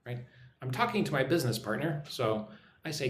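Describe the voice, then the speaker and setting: Man teaching live, lively pitch. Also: fairly quick, roomy sound, slight background noise. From United States. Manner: repeats "right?" after phrases, reads chat messages aloud. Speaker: online English teacher. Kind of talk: live-stream English lesson. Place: room in Vietnam.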